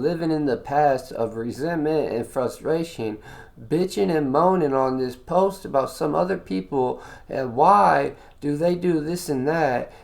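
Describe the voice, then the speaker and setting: A man's voice: medium pitch, gravelly, reverberant. A man hosting a podcast, delivering a blunt, heated, profane monologue with a preachy tone. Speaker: podcast host. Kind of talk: ranting monologue.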